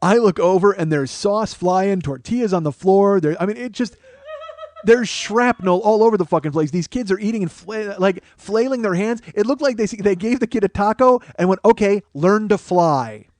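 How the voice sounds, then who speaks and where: A man's voice: high voice, normal speed, darkish tone, no room sound. A man host telling a rambling, profane comedic story as a monologue.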